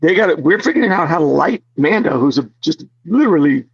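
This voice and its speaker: A man being interviewed as an actor guest, telling stories in an animated way, laughing often and full of fillers. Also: on the high side, fast talker, vocal fry, slightly rough, dry recording, lo-fi sound. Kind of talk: casual interview storytelling.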